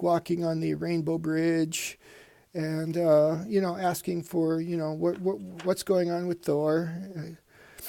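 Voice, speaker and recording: Gravelly low-toned man chatting about comics. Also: warm tone. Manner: rambling, reads comic panels aloud in put-on voices. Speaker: comic book show host. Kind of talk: casual comic review.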